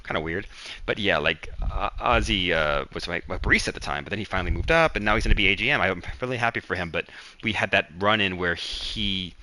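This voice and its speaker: Rambling man with a bright, low voice. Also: poor audio. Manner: rambling, gossipy, quick to act out coworkers. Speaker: livestream host. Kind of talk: casual storytelling chat.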